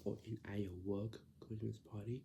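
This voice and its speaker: A man with a low, heavily gravelly voice talks through casual advice in a monologue. His tone is dark and mellow, and he keeps repeating himself, dropping to hushed whispers before jumping to loud, emphatic bursts. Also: flat delivery, normal speed, a little hiss or hum.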